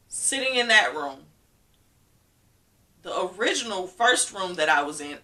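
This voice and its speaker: A woman's voice: on the low side, sharp tone, far from the mic. A woman vlogger telling a personal story candidly and emotionally, acting out what people said.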